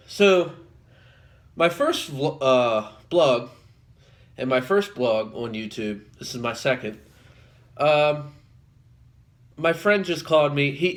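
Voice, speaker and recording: A man's voice: on the high side, fairly bright tone. A man talking casually to camera in a vlog, rambling with lots of ums and self-corrections. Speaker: vlogger.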